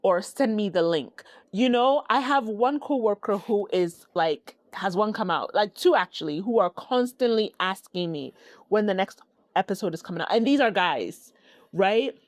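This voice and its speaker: A woman from Ghana hosting her own podcast, talking in a slow, heartfelt, reflective way. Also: medium pitch, animated, no room sound. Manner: slow, heartfelt, with sighs and laughs. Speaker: podcast host. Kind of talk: reflective solo podcast talk.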